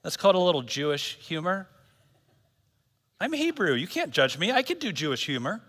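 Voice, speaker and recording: A man's voice: high-pitched, huge pitch swings, moderate pace, a bit bright, in a large hall. A man pastor giving a sermon at a church service in a casual, joking, slangy way.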